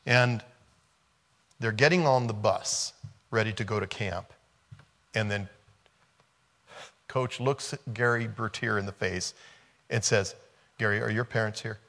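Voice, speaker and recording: A man's voice: fairly low pitch, slow pace, pauses often, a bit bright. A man preaching a conversational sermon, retelling a film scene and repeating rhetorical questions.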